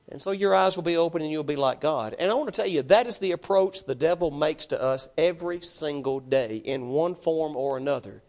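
A pastor with a high voice delivers an emphatic sermon. He keeps putting rhetorical questions to his congregation and pressing each point home. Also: fairly quick, few pauses, a little mellow.

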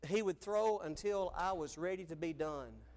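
A middle-aged man preaching a sermon, telling stories earnestly and dropping soft on key phrases. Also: high voice, normal speed.

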